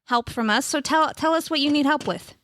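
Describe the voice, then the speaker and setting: A woman's voice: high voice, fairly quick, a bit bright, no echo, clean studio sound. A woman playing an upbeat, breezy advice-show hostess in an improvised comedy sketch. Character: chipper advice-show hostess Miss Tracy. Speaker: host.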